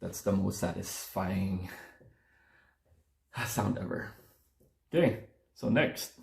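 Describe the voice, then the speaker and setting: A man's voice: sits low, takes it slowly, gravelly, roomy sound. A man, chatting casually and rambling to his phone camera while taste-testing beer at home. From Philippines. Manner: chatty, rambling, self-correcting. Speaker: beer-tasting vlogger.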